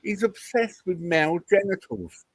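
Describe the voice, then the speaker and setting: A man's voice: sits high, big pitch swings, moderate pace, no room sound, rough recording. A man from England hosting a livestream, chatting casually and mocking with a chuckle. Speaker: livestream host. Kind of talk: casual reaction chat.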